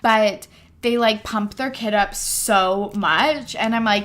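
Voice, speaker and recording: A woman's voice: mid-range voice, slow pace, a bit bright. A young adult woman hosting a podcast in casual chat, filling her talk with "like" and "yeah" and laughing as she goes. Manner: chatty, frequent "like" and "yeah", laughs mid-sentence. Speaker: podcast host.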